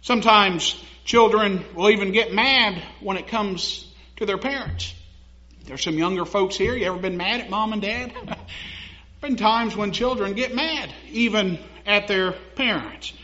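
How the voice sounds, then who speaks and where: A man's voice: sits high, a little slow, sharp tone. A young man preaching a sermon in a conversational way, laughing at his own stories and building to emphatic passages. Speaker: pastor. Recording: dull lo-fi sound.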